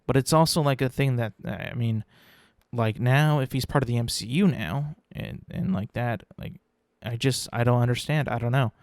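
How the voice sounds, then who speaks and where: On his solo podcast, a young host delivers casual commentary, rambling, repeating words, and occasionally swearing. His voice is mid-range and somewhat dark at a moderate pace, captured in clean studio sound with no room sound.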